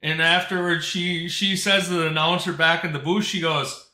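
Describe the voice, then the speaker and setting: A man's voice: a little high, fairly even intonation, normal speed, sharp tone, roomy sound. A man hosting a live talk show, telling stories in a blunt, emphatic way. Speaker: host.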